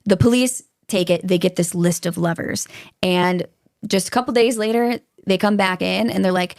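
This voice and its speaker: A woman's voice: mid-range voice, moderate pace, a little mellow, no echo, clean studio sound. A woman hosting a true-crime podcast, talking casually and getting worked up, swearing freely. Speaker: podcast host.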